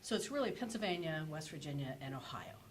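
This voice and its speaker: Panelist, woman, lower register, halting delivery full of "uh" and "like", faint background hiss. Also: very animated, poor audio. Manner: hesitant, many fillers and self-corrections. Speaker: energy policy panelist. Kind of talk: conference panel presentation.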